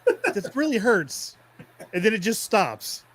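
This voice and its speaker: High-voiced man in casual chat. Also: big pitch swings, slight background noise. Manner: chatty and quick to laugh, eager listener. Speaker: podcast co-host.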